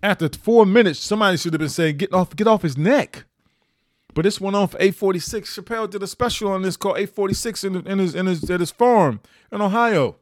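A man hosting a podcast, giving opinionated year-end commentary with emphatic delivery and sudden high rises on stressed points. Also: quick pace, no room sound, clean studio sound. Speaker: podcast host.

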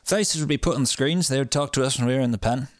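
A man's voice: mid-range voice, racing, no echo, studio quality, lightly acted. A man putting on a shaky British accent. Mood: earnest. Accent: put-on British. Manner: earnest, unsure and wavering accent. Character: British man recounting a strange childhood.

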